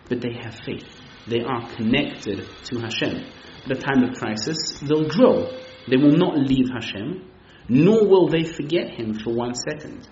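A man's voice: mid-range voice, darkish tone, a little hiss or hum. A man teaching as a rabbi, giving an emphatic sermon with storytelling and many Yiddish and Hebrew terms. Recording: echoey, slightly muffled room recording.

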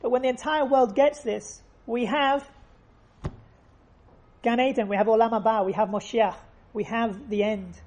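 A woman's voice: a little high, fairly even intonation, moderate pace, darkish tone. A woman giving an earnest faith lesson, telling stories and repeating phrases for emphasis. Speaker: religious teacher.

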